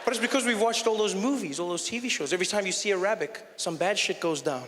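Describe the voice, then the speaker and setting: A man doing stand-up comedy on a theater stage, telling animated stories and often saying "you know". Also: high-pitched, fast talker, a crowd in the background, noisy background. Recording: roomy hall with faint ambience.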